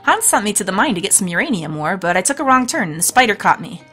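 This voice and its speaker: A woman's voice: medium pitch, big pitch swings, fast talker, pushed and bright, husky, faint music behind, full character voice. A woman voicing a shy, mumbling young male apprentice in a storybook game. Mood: grateful.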